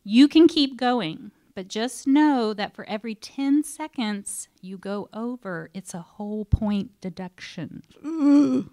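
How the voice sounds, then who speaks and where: A woman's voice: mid-range voice, expressive, a little slow, hardly any pauses. Teary woman emceeing a school slam. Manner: warm, rambling announcements with restarts. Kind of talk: emceeing a live event. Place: school library event.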